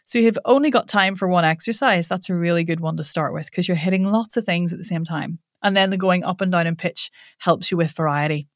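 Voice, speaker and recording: A woman, a voice coach demonstrating vocal warm-ups in a playful, laughing coaching tone. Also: on the low side, fairly quick, hardly any pauses, no echo, studio quality. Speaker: voice coach guest.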